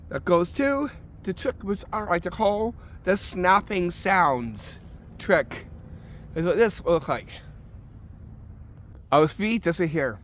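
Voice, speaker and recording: High-pitched guy vlogging pranks outside in the woods, slow talker, hams up being scared, bit of background noise. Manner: theatrical, acts spooked and shocked in the demonstrations. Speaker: video host showing Halloween pranks. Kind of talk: casual how-to vlog. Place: outdoors in the woods.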